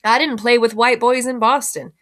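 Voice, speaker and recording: A woman's voice: fairly high pitch, steady tone, normal speed, pitched above the performer's own voice, close to an everyday voice. A woman voicing a proud young girl who speaks in a prim, cool, polite way.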